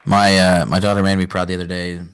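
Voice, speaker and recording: A man's voice: sits low, level tone, quick pace, clean tone. A father chatting casually, rambling and trailing off with self-deprecating humor. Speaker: podcast co-host, father. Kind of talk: casual chat.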